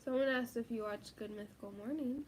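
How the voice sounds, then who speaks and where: A woman's voice: fairly high pitch, fairly quick, breathy edge. A woman co-hosting a casual live Q&A, giggly and teasing, reading out viewers' questions. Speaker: co-host of a couple's live Q&A. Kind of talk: casual live-stream chat.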